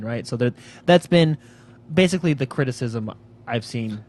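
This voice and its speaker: A man's voice: on the high side, animated, moderate pace. Rambling male podcast co-host. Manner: rambling, reads out news items with frequent fillers. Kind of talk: casual chat.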